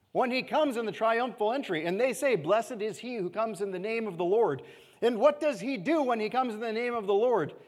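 A male pastor with a high voice preaches in an easy, conversational way, often asking "okay?" and letting key phrases sink to near-quiet. His voice rings out with the long reverb of a church hall. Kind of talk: sermon.

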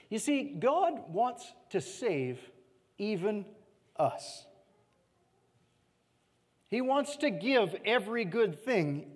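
A male pastor with a high voice preaches in an easy, conversational way, often asking "okay?" and letting key phrases sink to near-quiet. His voice rings out with the long reverb of a church hall. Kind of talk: sermon.

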